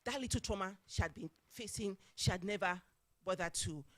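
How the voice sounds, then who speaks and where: Lady speaker, chatty and animated, laughs a lot. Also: mid-range voice, brisk. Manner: animated, acts out dialogue, laughs often. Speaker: conference speaker, former HR manager. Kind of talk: storytelling talk.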